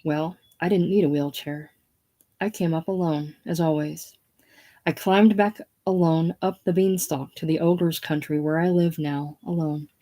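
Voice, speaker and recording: A woman's voice: deep voice, steady tone, a little slow, mellow. A woman reading as a gushing faded film star. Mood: bitter. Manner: breathless, theatrical, gushing. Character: faded aging female film star, dramatic, self-absorbed. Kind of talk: casual play reading.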